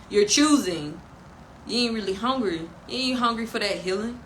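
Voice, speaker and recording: A woman's voice: on the high side, normal speed, a bit bright, a little hiss or hum, low-quality recording. A woman giving a casual tarot reading and spiritual pep talk, emphatic and preachy with slangy asides. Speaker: tarot reader and spiritual guide.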